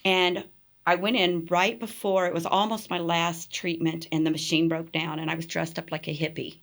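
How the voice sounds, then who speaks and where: A woman's voice: fairly low pitch, normal speed, gravelly. A middle-aged woman, a podcast guest, telling stories in conversation with lots of laughter and acted-out voices of the people she quotes. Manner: animated, laughs often, acts out quoted people. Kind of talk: storytelling in conversation.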